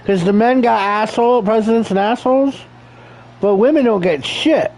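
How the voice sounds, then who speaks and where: A man's voice: high voice, moderate pace, darkish tone, low-quality recording. A man calling an amateur wrestling show as commentator, crude and joking, rambling and calling people brother. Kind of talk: profane play-by-play commentary.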